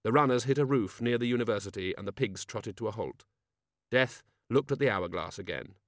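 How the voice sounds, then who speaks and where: A man narrating an audiobook in a measured, dry storytelling manner. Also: fairly low pitch, lively intonation, no echo. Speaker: audiobook reader.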